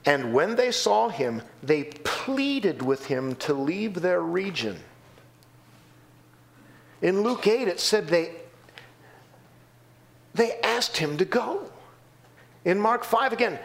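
A man preaching with a high, lively voice that swoops up and down. He acts out the voices he quotes with sudden leaps in pitch, and the sermon is set in a church. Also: gravelly. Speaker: pastor.

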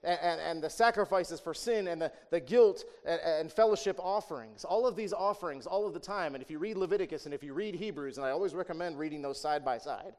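Preaching man, fairly high voice. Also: brisk, few pauses. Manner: conversational preaching with rhetorical questions and frequent "right?"; swings between raised emphatic passages and quiet low asides. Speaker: pastor. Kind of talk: sermon.

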